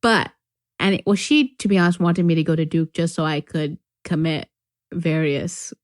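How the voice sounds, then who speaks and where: Speaking at normal speed in a low voice, this North Carolina co-host, a young woman, laughs often while spinning a lengthy story packed with fillers during a casual podcast chat. The recording is dry and studio quality.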